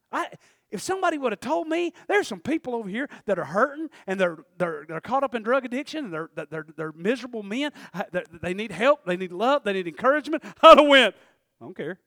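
A man with a high voice preaching a sermon, close and dry with little room sound. He talks loosely and conversationally, laughs often, and acts out the voices of people he quotes. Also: very animated, fast, pushed and bright, dry recording.

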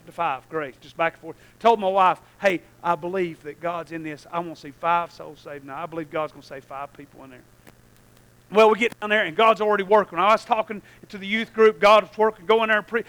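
In a very high, bright voice, a man preaches a sermon, telling his story with animation. His tone is sharp and forceful as he drops to a near hush, then breaks into shouted prayers, all on a low-quality recording.

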